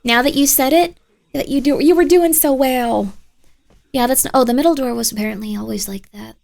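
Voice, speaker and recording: A woman with a slightly high voice streams a horror game live and keeps up a playful running commentary. She teases her pet and chats with her viewers between moves. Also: a little fast, gravelly, darkish tone. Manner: chatty and playful, scolds her pet and banters with chat.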